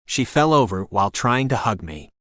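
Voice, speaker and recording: Reading a first-person novel as an audiobook narrator, a man keeps an even, steady delivery at a moderate pace. The recording is close and dry, free of echo or room sound, and his voice sits at a middle pitch.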